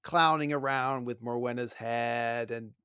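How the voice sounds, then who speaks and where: A man co-hosting a book discussion podcast, animated and pushing back with questions. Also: mid-range voice, unhurried, smooth. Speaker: podcast co-host.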